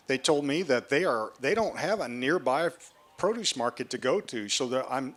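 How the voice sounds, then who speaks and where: A man's voice: mid-range voice, a bit bright. Conversational man moderating a seed panel. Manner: conversational, explains with figures and asks the audience. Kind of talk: panel discussion at a festival. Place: tent at an outdoor festival.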